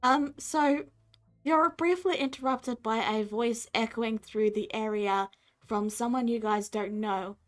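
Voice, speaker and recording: A woman narrating a tabletop game as game master, steady and explanatory. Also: fairly high pitch, measured pace.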